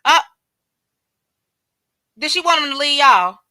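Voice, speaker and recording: A woman's voice: high-pitched, animated, slow pace, pushed and bright, dry recording. A woman hosting a casual livestream commentary, talking straight to her viewers and calling out chat names. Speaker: livestream host.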